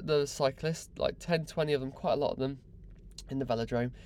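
A man's voice: fairly high pitch, darkish tone. A young man hosting a podcast, mocking and exasperated in a sweary comic rant. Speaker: podcast host.

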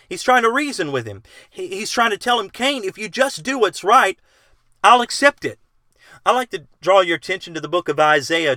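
A man's voice: on the high side, pushed and bright, no echo, clean studio sound. A middle-aged man preaching a bible lesson, reading scripture aloud and explaining it with earnest questions to his listeners. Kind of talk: bible teaching sermon.

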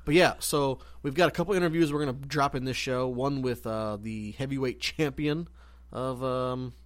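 A man's voice: mid-range voice, moderate pace, no room sound. A man in his thirties co-hosting a podcast, joking and laughing in casual chat with slangy drawl. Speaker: podcast co-host.

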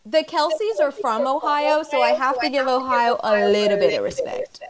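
A young woman co-hosting a casual podcast, her voice sitting a little high. She rambles, giggles often and speaks bluntly. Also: moderate pace, a loud crowd. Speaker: podcast co-host. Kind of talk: casual chat.

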